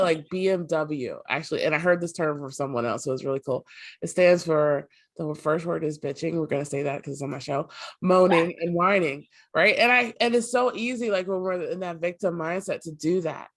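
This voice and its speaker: A woman host with a somewhat low voice, cheering on her guest. She speaks in an upbeat, encouraging way on a motivational interview show. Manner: upbeat, encouraging, faith-inspired. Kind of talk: motivational talk show chat.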